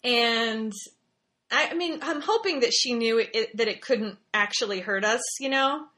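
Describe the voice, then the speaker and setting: A woman's voice: a little high, normal speed, pushed and bright. A woman, a mother, casually and emotionally telling a story as a guest, often restarting and repeating her words.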